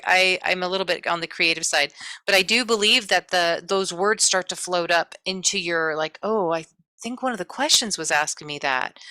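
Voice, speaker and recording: A woman's voice: on the low side, pushed and bright, dry recording, rough recording. A woman teaching a real estate exam class in a chatty, direct way, acting out her students' reactions. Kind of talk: casual live class lecture.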